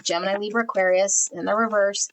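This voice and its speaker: A woman's voice: medium pitch, steady tone, fairly quick, low-quality recording. A woman giving a general pick-a-card tarot reading, talking bluntly in spiritual terms and naming cards as she draws them. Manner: blunt, spiritual, channels energy. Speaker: tarot reader.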